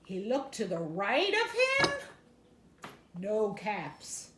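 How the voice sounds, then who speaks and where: A woman reading a children's storybook aloud in an expressive, sing-song way, speaking to boys and girls. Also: mid-range voice, very slow. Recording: roomy echo, faint background noise.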